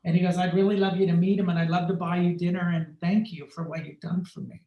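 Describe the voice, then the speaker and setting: A man, a photographer on a podcast, telling a personal story and acting out the dialogue in lively shifting tones. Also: high voice, quick pace, echoey room, dull audio. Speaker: podcast guest, fashion photographer.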